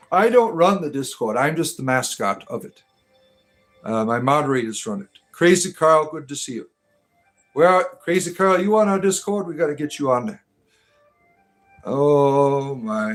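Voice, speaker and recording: Rambling, teasing man hosting a livestream. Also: medium pitch. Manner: rambling, teasing, many fillers. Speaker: livestream host. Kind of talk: casual livestream chat.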